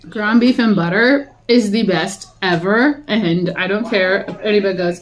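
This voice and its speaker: Young woman, casual eating vlogger: chatty, rambling, quick to laugh. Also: mid-range voice, highs cut off. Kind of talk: casual talking while eating.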